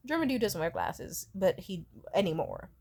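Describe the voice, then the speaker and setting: A woman's voice: mid-range voice, very animated, normal speed, a little mellow. A young woman in her twenties telling a rambling, candid storytime vlog, swearing freely and slipping into quoted voices. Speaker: vlogger.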